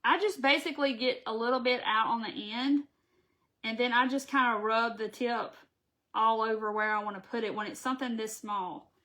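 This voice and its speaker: A woman's voice: a little high, steady tone, normal speed, a bit bright. A woman hosting a live craft tutorial, chatting folksily with viewers as she works. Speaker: craft channel host.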